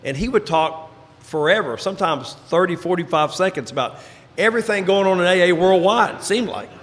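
A man giving a personal recovery testimony, telling his story and dropping into quiet, low tones for emphasis. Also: lively intonation, fairly quick. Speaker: recovery speaker. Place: large hall before an audience. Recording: reverberant hall, faint ambience.

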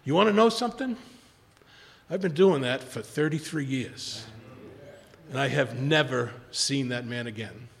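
Gravelly older man in a reverberant hall. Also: mid-range voice, unhurried, pauses often. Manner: emotional, animated storytelling with acted-out quotes. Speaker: speaker at a recovery meeting. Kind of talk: personal storytelling talk.

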